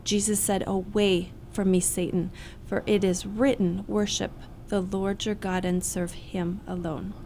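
A woman with a Canadian accent, a Bible study participant, retelling a scripture passage in her own words, steady and earnest. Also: medium pitch, unhurried, hardly any pauses, slight background noise.

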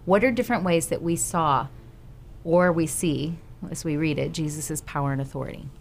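A woman's voice: deep voice, normal speed, slight background noise. A woman leading a Bible study group, encouraging and praising the members as she poses questions.

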